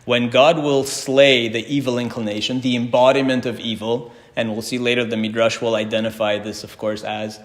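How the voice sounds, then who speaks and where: A man's voice: mid-range voice, flat delivery, moderate pace, few pauses. A man teaching a Talmud class, reading Hebrew and Aramaic passages aloud and explaining each one in English while putting questions to his students. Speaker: Torah teacher. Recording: reverberant hall.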